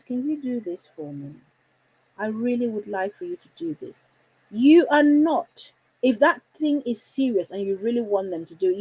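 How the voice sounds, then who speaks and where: A woman coaching parents, talking emphatically and deliberately changing her tone and pace to stress key points. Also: on the high side, darkish tone, slightly rough, rough recording. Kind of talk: instructional talk to parents.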